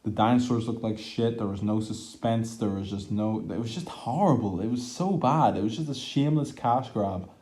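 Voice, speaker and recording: A young man rants through a film review, exasperated and swearing freely, his talk stuffed with "like" and sighs of disgust. His voice sits low and sounds mellow and warm rather than bright. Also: moderate pace, few pauses. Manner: exasperated, profane, lots of "like" fillers. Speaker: movie reviewer.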